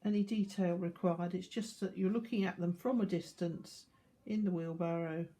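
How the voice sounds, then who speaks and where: An older woman gives a calm, explanatory watercolour demonstration, talking through each step as she paints. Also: on the low side, normal speed. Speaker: art teacher.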